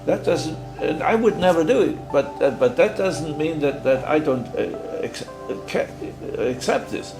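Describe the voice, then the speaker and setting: Older non-native man as guest teacher, halting and repetitive, mid pitch, echoey room with faint music. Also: lively intonation. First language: German. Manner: halting, repeats words, rambling. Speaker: guest bonsai master. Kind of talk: casual explanation. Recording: roomy echo with faint music.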